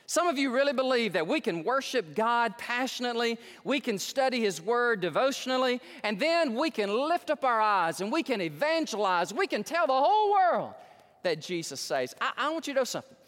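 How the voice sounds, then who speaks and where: Man pastor, high voice, folksy excitable sermon, long reverb of a big church. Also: a little fast, hardly any pauses. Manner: folksy, excitable preaching with repeated restarts. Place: large church sanctuary.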